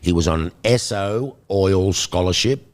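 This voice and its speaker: An older Australian man in an interview, telling animated stories and acting out the voices of the people in them. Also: deep voice, a little slow. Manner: animated storyteller, acts out quoted voices. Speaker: guest. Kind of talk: storytelling interview.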